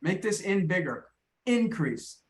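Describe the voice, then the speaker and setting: A man teaching pronunciation in a live online class, heard over a video call. His pitch sits at an ordinary middle height. He is friendly and often repeats or restarts his words as he explains. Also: unhurried.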